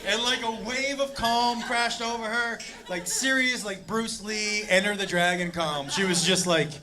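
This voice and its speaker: High, excitable stand-up comedian, man. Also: unhurried. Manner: loud, profane, excitable storytelling to a crowd. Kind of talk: stand-up storytelling. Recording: live stand-up clip with audience laughter and noise. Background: audience laughing.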